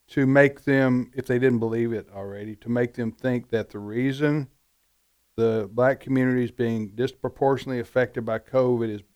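A man's voice: medium pitch, a little mellow, muffled recording. A man co-hosting a talk radio show, speaking emphatically and repeating words as he presses his point. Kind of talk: conservative talk radio discussion.

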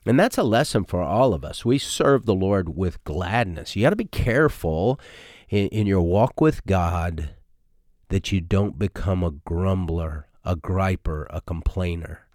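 Middle-aged pastor guy preaching, real low voice, dry close sound, chatty w lots of ums. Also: unhurried, darkish tone, dry recording. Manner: conversational, folksy preaching with frequent fillers. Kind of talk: sermon.

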